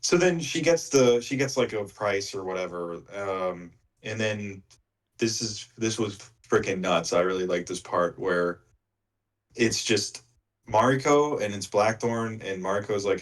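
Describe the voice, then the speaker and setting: A man with a very low voice co-hosts a book club podcast. He retells the plot loosely, stringing it together with filler words and acted-out quotes. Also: measured pace. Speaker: podcast co-host. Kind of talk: casual book club chat.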